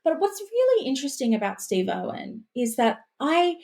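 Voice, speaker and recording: A woman's voice: high-pitched, sing-song, moderate pace, darkish tone. An Australian woman, a guest historian, talking in a casual podcast conversation, chatty and full of restarts and asides.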